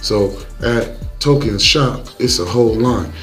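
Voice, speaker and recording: A man's voice: medium pitch, a little slow, a bit bright, soft background music. A young man narrating a movie recap in loose, slangy, joking storytelling.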